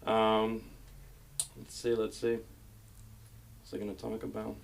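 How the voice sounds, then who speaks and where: A man with a fairly low voice works through a stand-up set on a club stage. He rambles through self-mocking stories into a handheld mic. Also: monotone, a little slow, vocal fry, a little hiss or hum, poor audio. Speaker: stand-up comedian.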